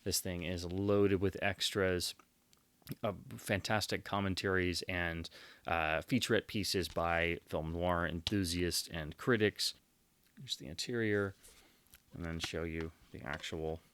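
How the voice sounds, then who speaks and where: Deep-voiced, enthusiastic man unboxing. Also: fairly even intonation, takes it slowly, fairly bright tone, a little hiss or hum. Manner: enthusiastic, heaps on superlatives. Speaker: collector presenting his purchases. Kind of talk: casual unboxing commentary.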